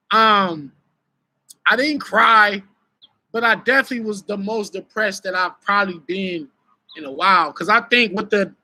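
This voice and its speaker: Talking loosely on a live stream, a young adult man, a battle rapper and host, tells an animated story in a bright, forward-edged voice. He laughs, swears freely, and swings between loud bursts and low mutters.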